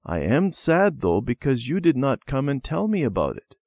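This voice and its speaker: A man voicing a gentle, patient father who speaks kindly and earnestly in a children's storybook reading. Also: mid-range voice, huge pitch swings, normal speed, no echo, clean studio sound, pitched above the performer's own voice. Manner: kind, earnest.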